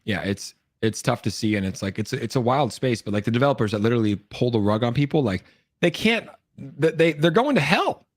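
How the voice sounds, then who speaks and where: Fast-talking man hosting a live stream. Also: mid-range voice, no room sound, studio quality. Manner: fast, animated, frequent "like" fillers. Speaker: livestream host. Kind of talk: casual chat. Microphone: streaming mic with voice effects board.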